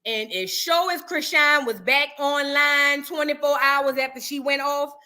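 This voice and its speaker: A woman with a high, bright voice, spilling celebrity gossip as host in loose, sassy chat. She is animated and drawls some words, now and then singing a line. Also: a little slow. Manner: animated, sassy, breaks into sung bits.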